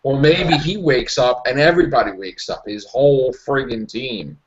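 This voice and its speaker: A man's voice: medium pitch, moderate pace. Guy hosting a chill podcast call, lots of ums, kinda dull lo-fi audio. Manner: relaxed, hesitant with fillers. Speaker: podcast host. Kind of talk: casual online podcast chat. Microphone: online call mic.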